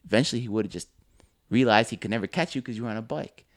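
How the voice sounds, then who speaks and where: A young man co-hosting a casual podcast, telling an animated story and swearing freely. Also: lowish voice, very fast, no echo, clean studio sound. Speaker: podcast co-host.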